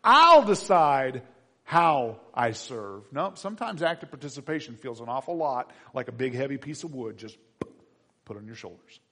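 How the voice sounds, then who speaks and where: A man preaching a sermon as a pastor, dramatic, dropping to a hush and then rising high and loud. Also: fairly quick, breathy edge. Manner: dramatic, swings from hushed to shouting. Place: church. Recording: long reverb of a large hall.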